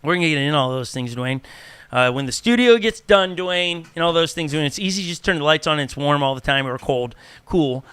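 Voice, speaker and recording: A man, a pastor hosting a casual church podcast, talking in an animated way, acting out little dialogues and often restarting his sentences. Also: on the high side, fairly quick, smooth, dry recording. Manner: animated, acts out quoted dialogue, frequent restarts. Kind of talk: casual chat.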